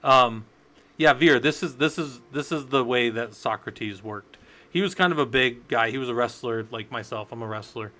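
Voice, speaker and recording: A man's voice: mid-range voice, normal speed, bright, forceful tone. A man teaching a live-streamed Linux class in a loose, rambling, conversational way, talking straight to his chat viewers. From United States. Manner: rambling, conversational, tells stories with acted quotes. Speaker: livestream Linux instructor.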